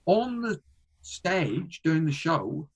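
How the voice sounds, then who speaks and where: A man's voice: fairly high pitch, sing-song, drawn-out words, slightly rough, poor audio. Rambling man telling a story. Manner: rambling, frequent restarts and fillers. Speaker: guest, comedian. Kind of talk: casual interview storytelling.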